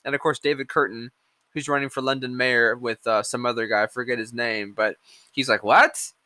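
A man's voice: medium pitch, flat delivery, a little fast, sharp tone, dry recording. Sarcastic, profane male podcast host. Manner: sarcastic, profane, rambling with hummed filler. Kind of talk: casual political rant.

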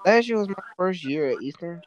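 A man's voice: high-pitched, expressive, a little fast. A young man chatting casually with friends, rambling and trailing off mid-thought. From Maryland. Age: young adult. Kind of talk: casual chat.

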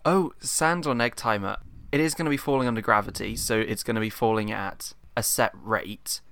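A man's voice: on the low side, moderate pace, a bit bright. A man co-hosting a podcast in casual chat, dry, quizzical and teasing.

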